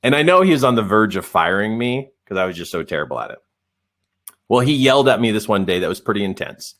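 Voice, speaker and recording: A man coaching in a live webinar, telling a story in an animated, self-deprecating way and acting out the dialogue. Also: on the low side, fast.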